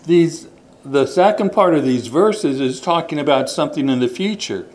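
A man's voice: a little high, lively intonation, normal speed, a little mellow, low-quality recording. A man preaching a sermon, reading scripture aloud and stressing and repeating key words.

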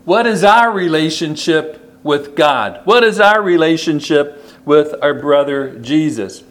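Slow, deliberate male preacher. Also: a little high. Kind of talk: sermon.

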